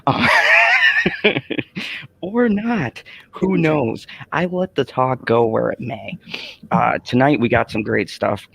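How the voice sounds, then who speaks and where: A man's voice: medium pitch, slow pace, creaky, pauses often, husky, no room sound. A man hosting a casual late-night live stream, ranting and swearing freely. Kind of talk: casual profane livestream chat.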